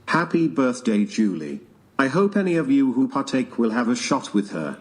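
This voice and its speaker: A male text-to-speech voice with a flat synthetic delivery, reading out viewer donations. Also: mid-range voice, moderate pace.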